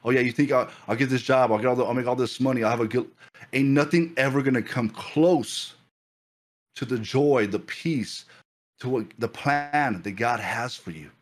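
A man preaching a fervent sermon as pastor, repeating phrases and building excitement. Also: mid-range voice, normal speed.

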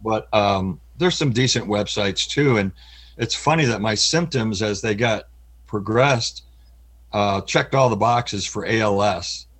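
A middle-aged man giving an interview, speaking in an earnest, halting way with frequent pauses, his voice cracking with emotion. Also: lowish voice, fairly bright tone, husky. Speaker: interview guest. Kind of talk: candid personal interview.

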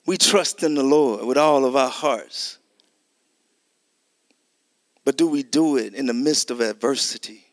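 Here a middle-aged man preaches a testimony sermon in a medium-pitched voice, animatedly telling a story and playing out the dialogue. He keeps it conversational, speaking to listeners as y'all, in a clean studio recording without echo.

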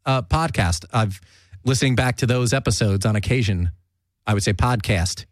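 A man's voice: mid-range voice, moderate pace, dry recording, studio quality. A man from New Jersey with a slight New Jersey accent, hosting a podcast in a casual, chatty way, often restarting and laughing. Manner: chatty, self-interrupting, laughs easily. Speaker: podcast host. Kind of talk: casual chat.

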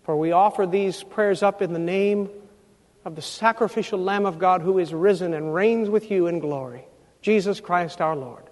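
A man with a high voice preaches a sermon as pastor, building emphatic, loud climaxes. His voice rings out in a church sanctuary with a long hall reverb. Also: moderate pace.

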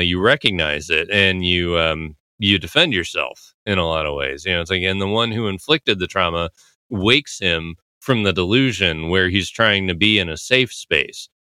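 A man's voice: low-pitched, expressive, normal speed, pushed and bright, clean tone, dry recording, studio quality. A man hosting a show, casually breaking down a TV episode in a loose, rambling way, full of filler words and laughing often. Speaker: podcast host analyzing a TV episode. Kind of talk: casual commentary.

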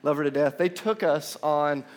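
Guy pastor, kinda high voice, chatty animated sermon in a big church room. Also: moderate pace. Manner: animated storytelling, casual asides. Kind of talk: conversational sermon. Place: large church room with about seven hundred seats.

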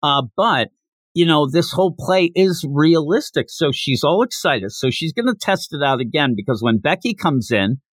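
An animated man casually recapping a manga chapter on a podcast, slipping into quick voices for the characters. His voice sits a touch high and rises and falls a lot, and the sound is dry and close to the mic. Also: no echo. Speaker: podcast host.

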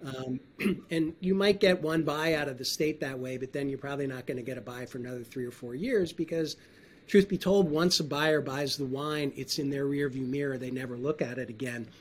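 A man talking casually as a wine trade guest in an interview, relaxed and often clearing his throat. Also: medium pitch, brisk.

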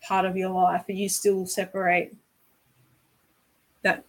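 A woman's voice: on the low side, completely flat delivery, takes it slowly, poor audio. A woman hosting a candid conversation, earnest and reflective, often asking "right?". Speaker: host.

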